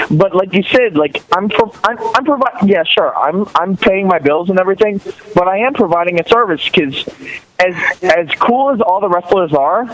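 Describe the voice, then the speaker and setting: A middle-aged man talking as a podcast guest in casual chat, telling rambling, animated stories full of restarts. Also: high-pitched, lo-fi sound.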